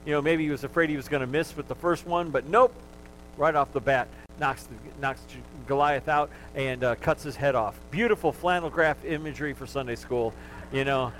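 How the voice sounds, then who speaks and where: A man's voice: fairly high pitch, moderate pace, a bit bright, soft background music, low-quality recording. A male pastor preaching a sermon, talking to the congregation in a conversational way and joking with them.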